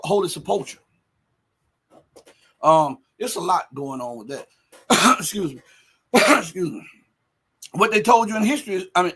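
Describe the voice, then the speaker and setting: A man with a high, husky voice hosts a livestream, reading viewer chat aloud and reacting emphatically. He fires off rhetorical questions and works himself up to shouting.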